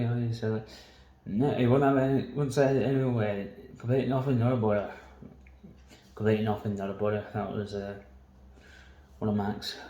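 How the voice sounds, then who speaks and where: A man's voice: medium pitch, mellow, a little hiss or hum. Rambling, foul-mouthed man in a roomy space. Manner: waffling, heavy swearing, frequent laughs. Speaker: vlogger. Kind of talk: rambling casual monologue.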